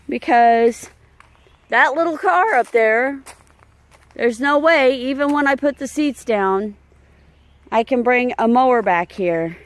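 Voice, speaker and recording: A woman, vlogging outdoors about her overgrown land in a frustrated, emotional way. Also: a little high. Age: 50s. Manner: frustrated, emotional, talks slowly while showing her yard. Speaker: homestead vlogger. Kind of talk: casual vlog talk. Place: outdoors on a wooded property.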